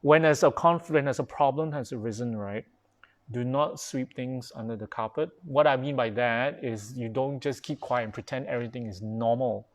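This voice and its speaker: A man's voice: medium pitch, normal speed. A man, a Buddhist pastor giving a live-streamed dharma talk in a chatty, informal way, with many fillers and restarts, now and then answering viewer comments. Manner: replies to viewer comments as he goes.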